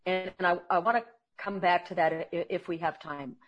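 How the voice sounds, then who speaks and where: A woman who trains salespeople, speaking as an interview guest and telling earnest, animated stories. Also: lowish voice, normal speed, highs cut off.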